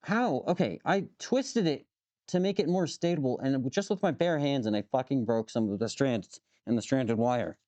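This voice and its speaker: At a normal speed and medium pitch, this man chats casually on a live stream as he works with his hands. He mutters to himself, curses freely and jokes with viewers, and his warm voice comes through with no echo.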